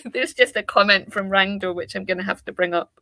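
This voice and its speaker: Bright-voiced woman co-hosting a panel. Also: medium pitch, brisk, creaky, no room sound. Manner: reads listener questions, thinks aloud with restarts. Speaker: podcast co-host. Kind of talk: casual panel discussion.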